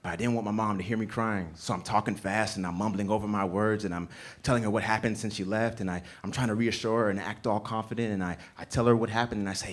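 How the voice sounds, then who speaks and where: Earnest low-voiced male storyteller. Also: steady tone, fast, hardly any pauses. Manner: earnest, rhythmic delivery. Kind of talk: live storytelling. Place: small theater stage.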